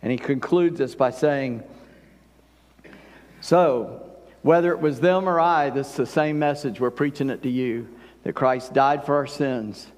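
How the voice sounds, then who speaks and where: A man's voice: mid-range voice, measured pace, darkish tone. Preaching man in a reverberant hall. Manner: conversational preaching, swells and drops in volume for emphasis. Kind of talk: sermon.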